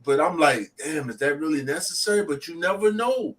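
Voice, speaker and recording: A man in casual chat who makes relaxed, easygoing remarks. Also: a little high, fairly quick. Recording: distant mic with faint room noise.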